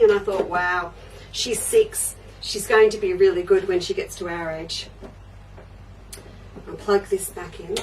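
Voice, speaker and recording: A woman's voice: medium pitch, recorded from a distance, slight background noise, rough recording. An older woman hosting a live quilting show, chatting away and answering viewers' comments as they come in. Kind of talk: live crafting show chat.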